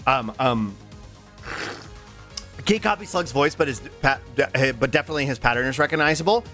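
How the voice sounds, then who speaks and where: A young man streaming, chatting casually to his viewers, rambling and swearing as he slips into quick voice impressions. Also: fairly high pitch, lively intonation, fairly bright tone, faint music behind. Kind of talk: casual livestream chat.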